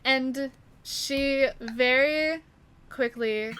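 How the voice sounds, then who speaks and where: A woman narrating a tabletop game as game master, laughing as she goes and pausing often. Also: on the high side, pushed and bright, a little hiss or hum.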